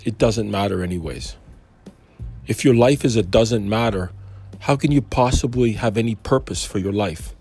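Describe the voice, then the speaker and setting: A man's voice: fairly low pitch, normal speed, darkish tone, slightly rough, faint music behind. A man giving an informal Christian talk, wandering into conversational asides. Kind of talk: informal preaching.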